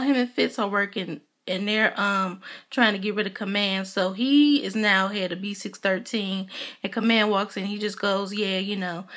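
A woman's voice: mid-range voice, a bit bright. A young woman vlogger giving a casual, chatty recap of a TV episode, retelling scenes and quoting characters as she goes.

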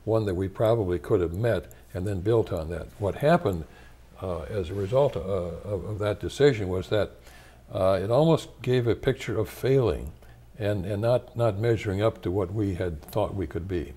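An older man from the United States speaks low and mellow in an interview. He is measured and reflective, often pausing to gather his thoughts. His deep, relaxed tone carries an unhurried, thoughtful manner. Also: breathy edge. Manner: measured and thoughtful, with frequent pauses and restarts. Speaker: interviewee, retired church leader.

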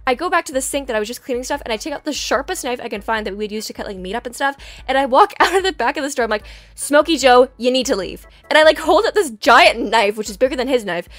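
Brief: fast-talking young woman, casual storytime narrator, chatty. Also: high voice. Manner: chatty, animated, filler-heavy.

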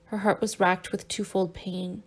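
Woman, audiobook narrator, steady measured reading, mid pitch. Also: vocal fry, breathy edge.

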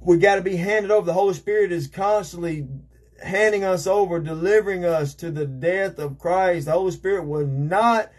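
A man's voice: high-pitched, moderate pace, a little mellow. A man preaching a fervent sermon as an evangelist, repeating himself and calling out amen and praise God.

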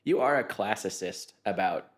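A man keeps up relaxed banter beside his wife as she paints in her home studio. His voice sits very low and unhurried. He joins in with light teasing and asides. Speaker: co-host and video editor. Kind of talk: casual chat.

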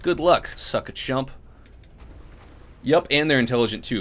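A channel host with a mid-range voice gives rambling gameplay commentary at a slightly slow pace. Between chatty asides he swears and flares up at the game in profane, excitable outbursts.

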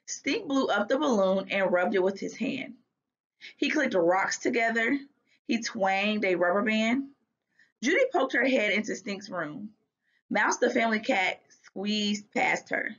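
A woman teacher reads a children's storybook aloud with expressive, lively delivery. Her voice is slightly husky. The recording sounds a little dull and lo-fi. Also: medium pitch, measured pace. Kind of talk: reading a children's book aloud.

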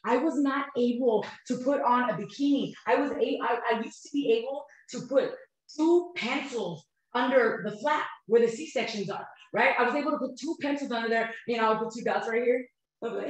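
A woman, hosting and talking to her viewers about her life, animated and heartfelt. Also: on the high side, quick pace. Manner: animated, heartfelt, addresses viewers as "you guys". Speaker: host of a couples health channel. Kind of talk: emotional personal talk to viewers. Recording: very echoey room.

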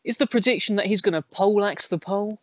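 A man's voice: high-pitched, no echo. A man hosting a boxing podcast, playful and jokey, teeing up his co-host with puns and light teasing. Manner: jokey, playful, quick to laugh. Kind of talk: casual podcast chat.

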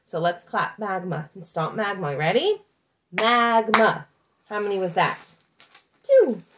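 A woman's voice: lowish voice, moderate pace, noisy background. A woman teaching a children's lesson, talking patiently in a sing-song teacher voice to young kids.

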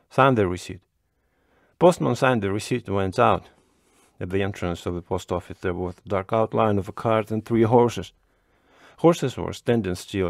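Low-voiced man reading a classic story. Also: vocal fry, darkish tone, no echo, clean studio sound. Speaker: narrator. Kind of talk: scripted story narration.

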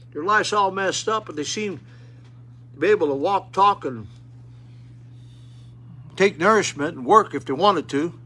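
A man's voice: sits high, bright, forceful tone. An older man preaching a sermon at a rescue mission, plain-spoken and folksy with fervent appeals, in an auditorium.

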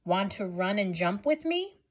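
A woman's voice: medium pitch, sing-song, unhurried. A woman reading aloud, voicing an eager young female calf in a storybook.

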